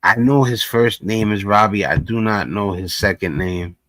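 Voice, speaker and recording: A man's voice: lowish voice, normal speed, fairly bright tone, no room sound. A man hosting a casual reaction commentary, talking in a laid-back, conversational way full of filler phrases. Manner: laid-back, conversational, lots of "you know". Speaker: commentary host.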